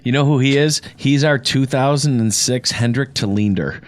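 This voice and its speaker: A man's voice: medium pitch, moderate pace. A man guesting on a sports podcast, telling stories and giving blunt, opinionated takes. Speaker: guest co-host. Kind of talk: casual sports chat.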